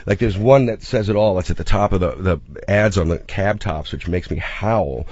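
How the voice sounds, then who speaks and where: Lowish-voiced guy on a radio show, animated, keeps laughing and restarting, dry dull sound. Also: normal speed, no room sound. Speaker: comedian and film director, guest. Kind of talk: casual radio chat.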